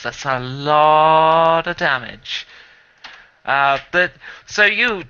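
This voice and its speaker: A man's voice: mid-range voice, sharp tone. A man running a tabletop game as game master over voice chat, chatty and often laughing as he narrates. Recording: dull lo-fi voice chat audio.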